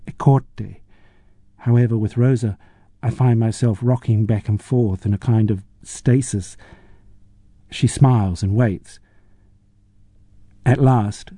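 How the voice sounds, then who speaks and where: Male audiobook narrator: very dark, mellow tone, measured and reflective. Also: on the low side, dry recording.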